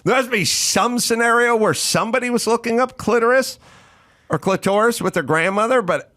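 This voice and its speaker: A man hosting a podcast, telling stories in an animated, profane way and acting out the voices of the people in them. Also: extremely high pitch, brisk. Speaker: podcast host. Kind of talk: casual comedic chat.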